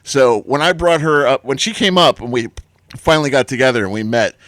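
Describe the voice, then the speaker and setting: A man's voice: medium pitch, brisk, a bit bright, no room sound. A man hosting a radio talk show, chatting casually with his guest and laughing often. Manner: laughs easily, affirms often. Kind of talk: casual interview chat.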